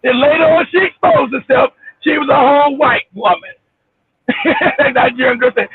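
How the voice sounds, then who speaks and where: A man hosting a casual livestream from his car, ranting loudly and profanely, laughing and shouting as he tells a story. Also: extremely high pitch, animated, normal speed, no echo. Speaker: show host. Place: car, driving. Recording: tinny phone line with faint hiss.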